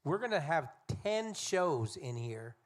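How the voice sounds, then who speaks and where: A man co-hosting a live music show, announcing upcoming concerts with halting restarts. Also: fairly high pitch, big pitch swings. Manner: plugging shows, halting restarts. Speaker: co-host who books the patio acts. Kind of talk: casual stage announcements. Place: live music venue stage.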